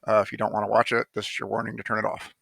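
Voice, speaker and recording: A man with a low, gravelly voice tells a personal story in a loose, rambling way, stopping often for ums and restarts. His tone has a bright, tense edge, and he talks bluntly, with the odd swear word. The recording is dry and close. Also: completely flat delivery, racing, dry recording. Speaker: poet telling how he wrote a poem. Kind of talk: casual spoken monologue.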